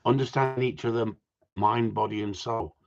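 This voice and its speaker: A man's voice: fairly low pitch, moderate pace, gravelly, dull audio. A man hosting a live stream, telling a story as a casual rant with lots of swearing. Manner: animated storytelling with frequent swearing. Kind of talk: casual ranting chat.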